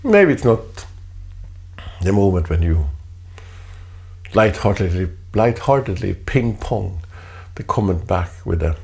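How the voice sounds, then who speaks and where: A man at home reading a reflective spoken essay in a deliberate, halting way, often repeating his phrases. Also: deep voice, sing-song, vocal fry, a little mellow. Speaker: artist performing a spoken text.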